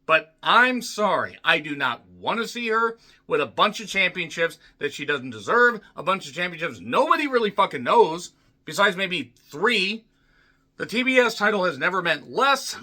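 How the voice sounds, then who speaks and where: Ranting man, loud swings in pitch. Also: sing-song, normal speed. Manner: profane, yelling and ranting, swinging between shouts and mutters. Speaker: wrestling show reviewer. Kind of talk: angry ranting review.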